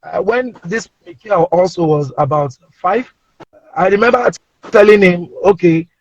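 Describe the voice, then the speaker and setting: Nigerian comedian guest, high husky tenor, animated storyteller, muffled call audio. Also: male voice, normal speed, no room sound. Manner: animated, playful, acts out voices. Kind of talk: casual anecdotal storytelling. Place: inside a parked car. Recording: dull lo-fi remote audio.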